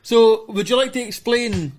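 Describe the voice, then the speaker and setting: A man's voice: very high-pitched, moderate pace. A Scottish man co-hosting a podcast, asking questions in a hesitant, casual way. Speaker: podcast co-host. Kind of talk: casual chat.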